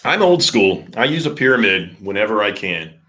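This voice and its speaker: A middle-aged man, a surf fishing charter captain, explaining gear in a relaxed, practical way with plenty of fillers. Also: fairly low pitch, moderate pace. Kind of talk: casual podcast interview.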